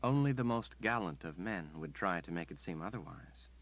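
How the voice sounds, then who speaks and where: A man voicing a demure, flattering noblewoman in an audiobook, speaking softly in a slightly raised voice. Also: low voice, normal speed, muffled recording.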